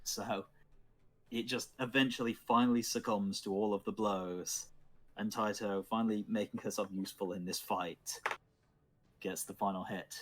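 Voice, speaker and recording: A man acting as dungeon master, calmly narrating dice rolls and the action of a tabletop game. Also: lowish voice, normal speed, slight background noise.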